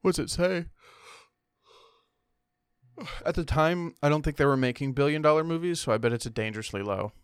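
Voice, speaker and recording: A man's voice: fairly high pitch, normal speed, pauses often, clear, resonant tone, no room sound, studio quality. A man co-hosting a podcast in casual chat, laid-back and joking, often trailing off mid-thought. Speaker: podcast co-host.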